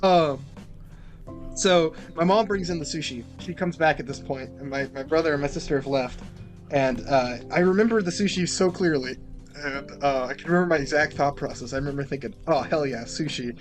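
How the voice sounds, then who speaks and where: A young man tells a story on a casual podcast, slightly high in pitch, with soft music playing underneath. He is animated, swears freely and acts out the lines of the people in his story. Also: a little fast. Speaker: podcast host.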